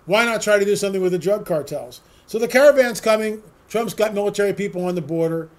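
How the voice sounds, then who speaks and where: A man's voice: sits high, fast. A man giving an opinionated solo commentary, sarcastic and ranting, firing off rhetorical questions to his listeners. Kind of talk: opinionated monologue.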